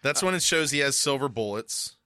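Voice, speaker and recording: Bright, smooth-voiced man chatting. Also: mid-range voice, expressive, dry recording, studio quality. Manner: halting, restarts while retelling scenes. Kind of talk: casual podcast chat recapping a movie.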